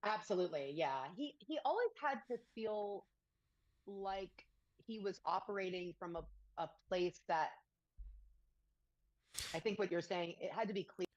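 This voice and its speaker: A woman answering interview questions thoughtfully, pausing to search for words. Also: mid-range voice, expressive, dry recording, muffled recording.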